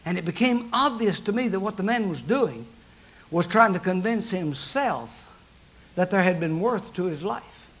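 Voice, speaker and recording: An older man, a pastor, preaching a sermon and telling a story, swinging from loud exhortation to hushed narration. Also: high voice, expressive, moderate pace.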